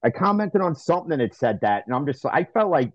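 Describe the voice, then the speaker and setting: A man's voice: on the high side, very animated, quick pace, no room sound. A man co-hosting a sports podcast, ranting in an exasperated way in casual chat and stumbling over repeated words. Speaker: podcast co-host. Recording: dry, dull lo-fi sound.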